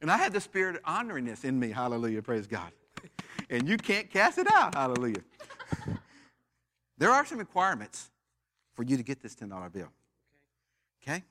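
A man's voice: mid-range voice, wildly swooping pitch, fairly quick, pauses often, bright, forceful tone. An American man preaching a sermon in church, leading call-and-response with the congregation and joking with its members. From United States. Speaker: pastor.

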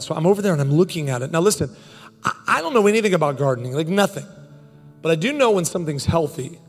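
Animated preacher with hall echo. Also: male voice, on the high side. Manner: animated and joking, quick bursts of speech. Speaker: pastor. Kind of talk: sermon with humorous storytelling.

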